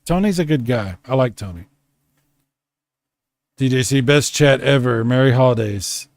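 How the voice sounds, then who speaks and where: A man's voice: mid-range voice, animated, moderate pace, long pauses, dry recording, clean studio sound. A man hosting a casual late-night stream, drunk, rambling and swearing as he reads chat aloud from home. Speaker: streamer host. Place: home room.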